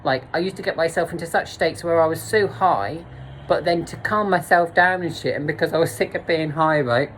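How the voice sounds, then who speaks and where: A woman vlogger talks to camera in a candid storytime monologue, telling a blunt, sweary story and laughing at herself. Her voice is deep and a little fast, and the low-quality recording has slight background noise.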